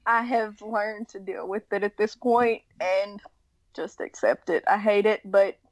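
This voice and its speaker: A woman's voice: mid-range voice, steady tone, unhurried, no echo. A woman with a Southern accent, folksy and self-mocking, laughing often in a casual chat. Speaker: casting member of a show.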